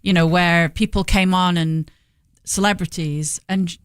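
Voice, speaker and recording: A woman's voice: fairly low pitch, fairly even intonation, measured pace, clean tone, no echo, clean studio sound. A woman from Stoke in England with a local English accent, chatting as a guest on a talk show in a friendly, agreeable way. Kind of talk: casual chat.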